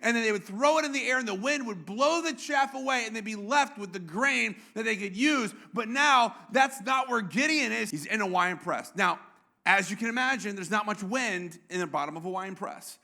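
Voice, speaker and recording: A man's voice: high-pitched, lively intonation, normal speed, creaky, pushed and bright. A male pastor preaching a sermon in a conversational way, with joking asides and frequent restarts.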